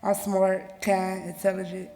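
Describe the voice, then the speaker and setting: A woman's voice: mid-range voice, little pitch movement, unhurried, dark tone. A woman in her twenties giving a personal speech at an event, casual and direct. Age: 20s. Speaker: speaker sharing her story. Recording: reverberant hall.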